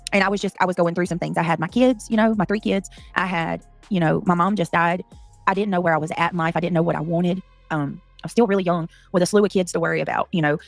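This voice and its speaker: Fast-talking woman rambling on a livestream. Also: fairly low pitch, vocal fry, dry recording. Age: 30s. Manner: rambling, reacts to chat mid-story, cussing. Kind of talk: casual livestream chat.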